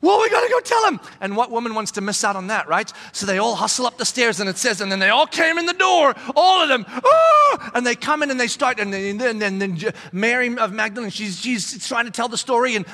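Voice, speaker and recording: A male pastor preaching a sermon with animated storytelling, swinging from loud to hushed whispers. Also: high-pitched, fast, few pauses. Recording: long reverb in a large hall.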